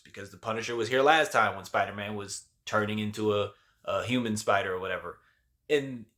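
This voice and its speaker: A man's voice: medium pitch, a bit bright. A man giving a casual spoken review of a TV show, loose and chatty with lots of slang and fillers.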